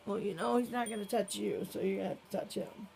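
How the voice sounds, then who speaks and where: Woman coaxing her pets, gravelly voice. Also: medium pitch, fairly even intonation, brisk, a little mellow, a little hiss or hum. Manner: coaxing, sing-song talk to pets. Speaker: pet owner filming her animals. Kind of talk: casual home video chat.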